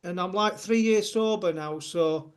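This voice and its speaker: Smooth, unhurried and high-pitched, the voice belongs to a fifty-something guest fan from Bradford with a West Yorkshire accent. He chats earnestly and casually on a video call, wandering off and restarting frequently.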